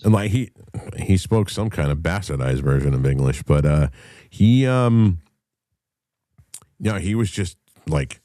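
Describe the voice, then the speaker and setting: Man, very deep, dark tone, profane heated monologue, dry recording. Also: animated, a little slow, long pauses, no echo. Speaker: podcast host. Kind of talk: casual monologue.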